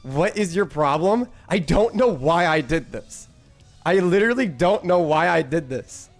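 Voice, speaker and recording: A man's voice: fairly high pitch, lively intonation, measured pace, soft background music. A man streaming live, telling a rambling story to his chat, swearing freely and often breaking into laughter.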